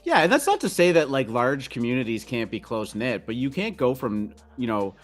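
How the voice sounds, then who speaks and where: A man's voice: medium pitch, sing-song, brisk, faint music behind. A man co-hosting a casual podcast chat, easygoing and explanatory. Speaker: co-host.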